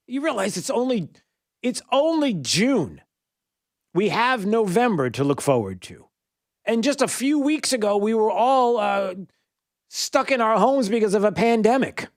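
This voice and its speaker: Animated talk radio host, dry sound. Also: male voice, sits high, no echo. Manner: animated, full of fillers and sarcastic asides.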